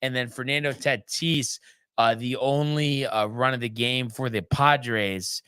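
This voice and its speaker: A man talking through a sports recap in a casual, rambling way, full of ums and small restarts. His voice is bright and crisp, and it sounds close and dry with no room echo. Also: mid-range voice, fairly even intonation, unhurried. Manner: loose and chatty, many ums and restarts. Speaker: sports show host.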